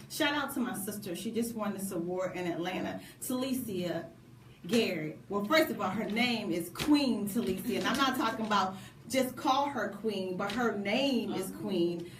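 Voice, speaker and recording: A woman co-hosting a casual radio talk show, speaking in a lively, preachy way with laughing asides. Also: mid-range voice, a little hiss or hum. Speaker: co-host. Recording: echoey room from a distant mic.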